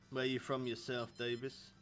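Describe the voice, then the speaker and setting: A man in his thirties from England, rambling casually to his viewers while streaming a fishing game. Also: mid-range voice. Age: 30s. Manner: rambling, chatty, laughs often. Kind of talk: casual live-stream chat.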